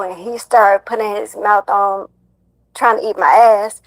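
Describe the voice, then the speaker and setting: A young woman, a guest on a talk show, telling a painful personal story in a halting way, full of fillers and repeated words. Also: mid-range voice, fairly even intonation, no room sound, poor audio. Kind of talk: emotional personal account.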